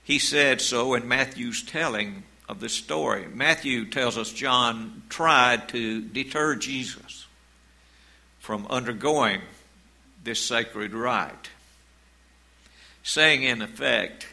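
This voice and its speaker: A man preaching a sermon as pastor, in a slow, measured way, reading scripture aloud. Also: mid-range voice, creaky, bright, forceful tone, poor audio.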